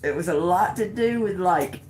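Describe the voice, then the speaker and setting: A woman in her fifties chats to her livestream viewers in a low, very lively voice that leaps around as she talks. She laughs often and swears casually while rambling through a story. The sound bounces around an echoey room. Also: moderate pace, slight background noise. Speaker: livestream host.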